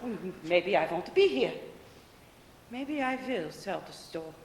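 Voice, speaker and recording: A woman's voice: lowish voice, expressive, slow. A woman plays a bitter elderly grandmother with a curt, commanding manner. She sounds guarded and hard. The voice carries across a big, echoing theater with a long hall tail and a faint hiss underneath. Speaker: stage actor. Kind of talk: live stage play. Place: theater stage.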